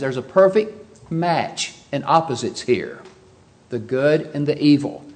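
Male preacher, somewhat high-pitched, emphatic sermon delivery with big swings in loudness. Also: lively intonation, normal speed. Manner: emphatic, swinging from loud high stresses to low quiet asides. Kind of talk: expository sermon.

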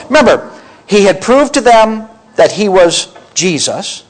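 A man's voice: high voice, big pitch swings, normal speed, rough recording. A man teaching from the Bible as a preacher, emphatic and full of rhetorical questions to his listeners.

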